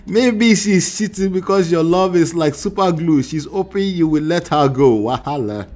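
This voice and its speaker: A man's voice: on the high side, moderate pace, hardly any pauses, darkish tone. A man hosting a live reaction show, talking animatedly to his chat, often mocking and laughing.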